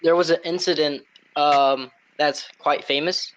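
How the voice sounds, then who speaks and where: A man's voice: on the high side, steady tone, unhurried, fairly bright tone, slight background noise. Casual man on a muffled podcast. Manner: casual, explaining with fillers like "whatchamacallit". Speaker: podcast co-host. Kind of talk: casual chat. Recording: dull lo-fi sound.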